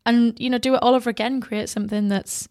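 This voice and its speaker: A woman co-hosting a casual TV podcast in a chatty, animated way. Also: a little high, fast talker. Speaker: podcast co-host.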